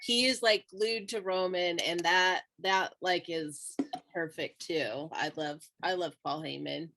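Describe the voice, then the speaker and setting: A woman with a lowish voice talks slowly on a podcast. She is hesitant and casual, pausing often on fillers as she gives her view. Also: fairly even intonation, music in the background. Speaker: podcast co-host. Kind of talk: casual chat.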